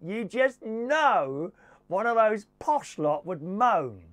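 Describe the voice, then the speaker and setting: Camp man in a lively comic monologue. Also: high-pitched, takes it slowly. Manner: camp, theatrical, puts on posh and working-class voices. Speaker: comedy presenter. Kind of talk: comic monologue with character voices.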